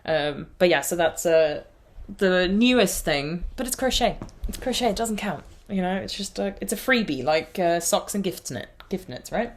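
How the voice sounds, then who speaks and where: Irish woman, podcast host; easy, meandering, self-mocking chat in a lower register. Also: animated, moderate pace, few pauses. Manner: chatty, rambling, laughs at herself. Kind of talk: casual chat.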